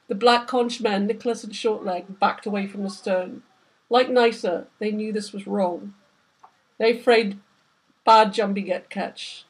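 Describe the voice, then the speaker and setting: A woman reads aloud from her own novel in a steady, measured way. Her voice is husky and mid-pitched. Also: rough recording. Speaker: author reading her novel. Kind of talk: book reading.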